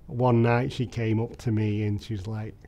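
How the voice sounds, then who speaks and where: A man, telling his own story candidly and reflectively in an interview, with frequent soft fillers. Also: on the low side, level tone, moderate pace. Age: 30s.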